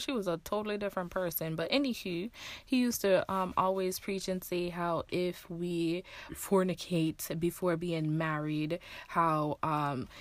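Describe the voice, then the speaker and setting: Low-voiced woman telling a story. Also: no echo. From Jamaica. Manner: relaxed storyteller, speaks standard English. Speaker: podcast co-host, sister. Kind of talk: casual chat.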